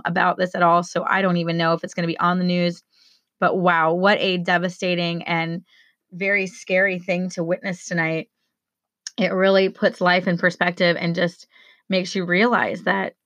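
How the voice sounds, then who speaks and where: A woman in her thirties, shaken and choked up, telling her viewers what she saw, halting with many fillers and restarts. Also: mid-range voice, a bit bright, no room sound. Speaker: vlogger. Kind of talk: emotional personal account to viewers.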